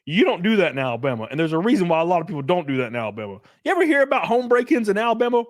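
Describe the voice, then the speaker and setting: Streamer, man, 30s: high, swooping voice, dry close sound, profane sarcastic rants. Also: sing-song, racing, no room sound. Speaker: live streamer. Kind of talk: casual rant to stream chat.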